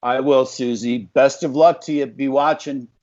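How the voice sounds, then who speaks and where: Man, radio host; mid-pitched, effusive, filler-heavy; muffled lo-fi sound. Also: steady tone, moderate pace, darkish tone. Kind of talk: interview conversation.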